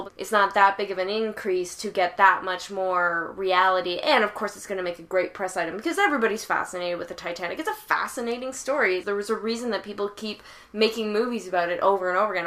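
A woman with a bright, clear voice chats enthusiastically on a casual podcast. Her talk is animated and quick, and she laughs easily. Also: medium pitch. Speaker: podcast co-host. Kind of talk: casual film discussion.

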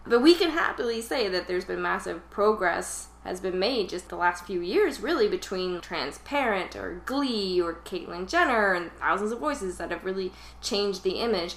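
Woman cohost chatting about a movie, lively, echoey room. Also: medium pitch, normal speed, hardly any pauses. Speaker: podcast co-host. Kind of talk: casual film discussion. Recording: roomy echo.

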